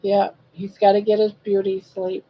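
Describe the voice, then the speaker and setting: A woman's voice: mid-range voice, completely flat delivery, moderate pace, breathy edge, highs cut off. A woman in her sixties hosting a casual live stream, chatting and reading viewer comments aloud in a teasing, friendly way. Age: 60s. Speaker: live-stream crochet host.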